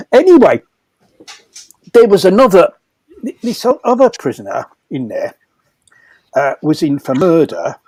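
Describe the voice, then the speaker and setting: A man's voice: high voice, big pitch swings, slow, long pauses, darkish tone, no room sound, low-quality recording. An older man telling prison anecdotes casually, repeating words and laughing as he goes. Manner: rambling, repeats words, laughs through his stories. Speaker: storyteller at a comedy fundraiser.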